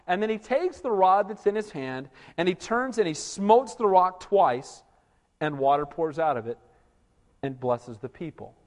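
A male pastor preaching an animated sermon, often asking his congregation "Amen?" for a response. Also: high-pitched, measured pace, in a large hall.

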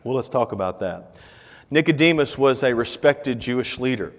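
A man's voice: medium pitch, lively intonation, normal speed, long reverb tail. A male pastor preaching in a conversational, emphatic way and reading scripture aloud in a church. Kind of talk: sermon.

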